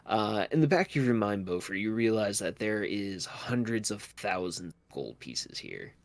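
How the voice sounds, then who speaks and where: A man narrating a tabletop game as game master, with many pauses and fillers. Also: fairly low pitch, animated, no room sound. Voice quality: slow, filler-laden narration.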